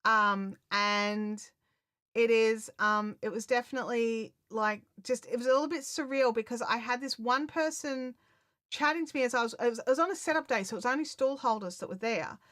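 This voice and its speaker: A woman chatting casually to her viewers on a live stream, excitable and full of fillers and restarts. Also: fairly high pitch, normal speed, no room sound, studio quality. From Australia.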